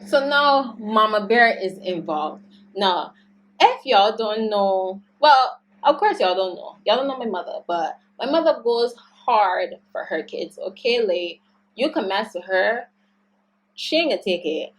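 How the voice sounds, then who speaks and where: A young woman telling a storytime vlog story, animated and slangy as she vents. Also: mid-range voice, a little slow. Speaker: YouTuber.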